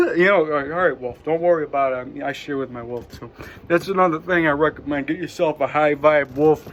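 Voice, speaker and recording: A man's voice: on the high side, moderate pace, slight background noise. A man vlogging a casual motivational monologue from home, rambling and upbeat, peppered with "you know" and "man". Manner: rambling and upbeat, many 'you know' and 'man'. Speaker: wellness vlogger. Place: at home, seated in a chair.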